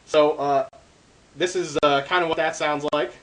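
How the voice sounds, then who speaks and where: Guy explaining drum rolls, bright kinda high voice, lots of um and uh, drum bits in between. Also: moderate pace. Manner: relaxed, filler-heavy explaining. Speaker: darbuka teacher. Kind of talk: casual instructional talk. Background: drum playing between phrases.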